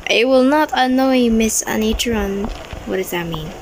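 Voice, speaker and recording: A woman's voice: a little high, a little slow, a little mellow, slight background noise, poor audio. A young woman commenting on her own gameplay, easily startled, with frequent exclamations and non-native English grammar. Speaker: gaming video creator.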